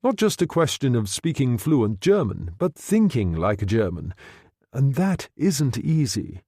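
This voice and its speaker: A man's voice: mid-range voice, very animated, unhurried, dark tone, slightly rough, no echo, studio quality, exaggerated voice. A man reading a novel aloud, voicing a cautious brigadier who speaks carefully and deferentially. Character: cautious brigadier, intelligence chief.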